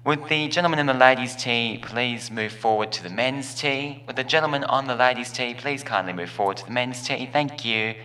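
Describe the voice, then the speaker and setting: A man's voice: medium pitch, a little fast, hardly any pauses, sharp tone, a little hiss or hum, lightly acted. A man voicing a golf clubhouse announcer in a joke, formal and overly polite. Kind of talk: joke told with put-on voices.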